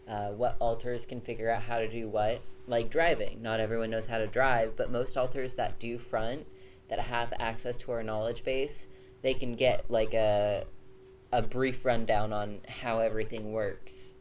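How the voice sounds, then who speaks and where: A woman's voice: rumbling low, level tone, normal speed, a little mellow. A woman co-hosting a casual chat show, talking loosely with frequent laughter and fillers. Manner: laughs often, speaks loosely with many fillers. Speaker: co-host. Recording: faint background noise.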